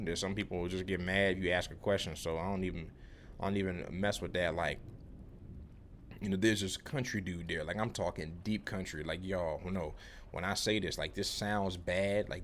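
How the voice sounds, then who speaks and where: A man's voice: deep voice, fairly bright tone, a little hiss or hum. A young man telling a rambling, casual vlog story about his work day, full of slang and restarts. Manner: rambling, lots of fillers and restarts, laid-back slang. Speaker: vlogger, electrical apprentice.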